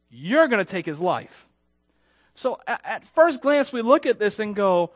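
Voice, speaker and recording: A man preaching a sermon in a conversational, self-deprecating way, asking the congregation questions, with loud emphatic peaks and quiet dropped endings. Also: extremely high pitch, expressive, unhurried, no room sound, clean studio sound. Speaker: pastor.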